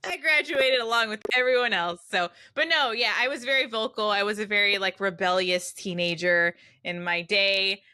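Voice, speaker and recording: Loud, passionate, bright-voiced woman. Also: medium pitch, normal speed, few pauses, clean tone. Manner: loud, passionate, swears freely. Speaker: podcast co-host. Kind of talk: casual chat.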